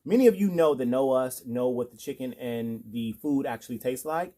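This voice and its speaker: A man's voice: medium pitch, normal speed, mellow. A man co-hosting a casual chat over a meal, chatty and eager as he talks to the audience. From Washington, D.C. area. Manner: chatty and enthusiastic, leaning into the audience. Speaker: podcast co-host.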